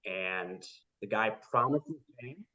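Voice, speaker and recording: A man telling his story as a podcast guest, lively and full of "like" fillers, acting out the people he quotes. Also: on the low side, takes it slowly. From United States. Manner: animated, acts out quoted people, many "like" fillers. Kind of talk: casual storytelling interview. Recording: dull lo-fi podcast audio.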